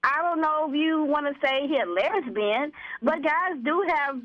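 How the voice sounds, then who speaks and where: A woman's voice: sits high, normal speed. A brash woman, calling in and boasting freely with plenty of swearing. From Corpus Christi, Texas. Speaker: caller. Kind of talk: casual call-in radio chat. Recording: muffled phone line with noise.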